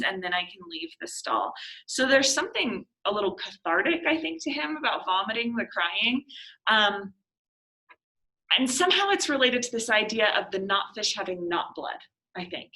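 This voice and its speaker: A young woman teaching a literature class over a computer mic. Her voice is bright and clear at an ordinary middle pitch. She talks in a chatty, thinking-aloud way, laughing often and using plenty of fillers. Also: animated, moderate pace, low-quality recording. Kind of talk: class discussion lecture.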